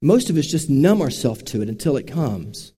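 A man's voice: mid-range voice, big pitch swings, moderate pace, warm tone, husky. A man preaching a sermon, telling stories in an earnest, direct way from a church sanctuary. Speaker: pastor. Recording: long reverb of a large hall.

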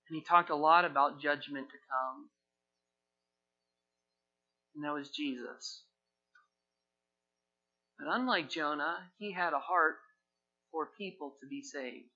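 A man delivering a sermon, reading scripture with strong emphasis and acting out the story in paraphrase. His voice sits a little high and has a bright, forceful edge. The recording is dull and lo-fi. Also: slow pace, pauses often. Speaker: preacher.

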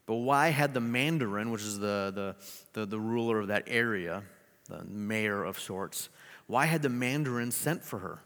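A man preaching a sermon, telling a story with animated delivery and joking asides. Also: lowish voice, moderate pace, long reverb tail. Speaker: pastor.

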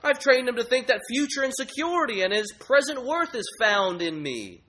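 A man's voice: extremely high pitch, sing-song, normal speed, sharp tone, slight background noise, pitched above the performer's own voice, full character voice, rough recording. A man preaching voices a lofty, self-important idol of grades and achievement. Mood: haughty. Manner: haughty, boastful.

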